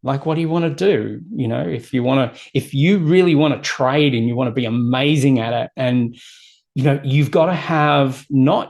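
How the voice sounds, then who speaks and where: This is a man speaking as a guest coach in an interview. His voice is gravelly, and he has a middle-range pitch. He talks in an emphatic, motivational way and stacks up repeated phrases. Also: normal speed, darkish tone. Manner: emphatic, repetitive lists. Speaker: guest, personal development coach.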